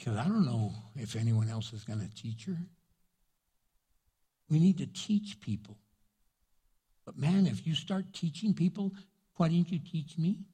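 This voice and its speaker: An older man preaching a sermon as pastor, in an animated, folksy way. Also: mid-range voice, measured pace, long pauses, breathy edge. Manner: animated, folksy, acts out quotes in voices.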